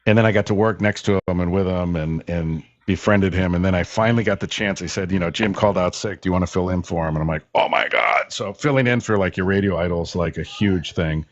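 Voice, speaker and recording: A man's voice: low-pitched, no room sound, lo-fi sound. A man, a former radio host, telling long rambling anecdotes with many fillers as a guest on a call-in show. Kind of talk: casual storytelling in a call-in show.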